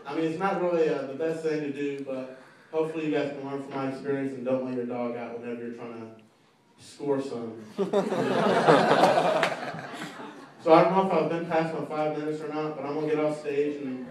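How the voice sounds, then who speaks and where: A young man doing a stand-up set, rambling and halting, with many fillers and restarts. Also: fairly high pitch, steady tone, recorded from a distance, noisy background. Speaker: stand-up comedian. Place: comedy club stage. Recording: echoey club, mic heard from afar, loud crowd laughter. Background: audience laughing.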